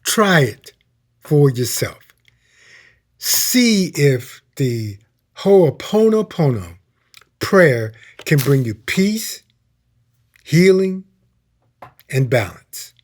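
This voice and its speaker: A man giving a sermon as minister, slow and emphatic, dropping to a hushed tone for prayer. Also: fairly high pitch, sing-song.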